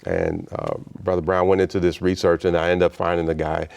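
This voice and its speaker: Deep gravelly man telling a story. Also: a little fast, a little hiss or hum. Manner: animated storyteller who acts out the voices in his story. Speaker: interview guest, state official. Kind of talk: personal storytelling in a conversational interview.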